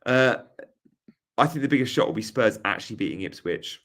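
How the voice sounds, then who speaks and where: Young male streamer, hoarse and playful, very animated delivery reading out chat. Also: mid-range voice, fairly quick. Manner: reads chat questions aloud, jokey, tries silly regional accents. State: hoarse after a night of drinking. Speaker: host.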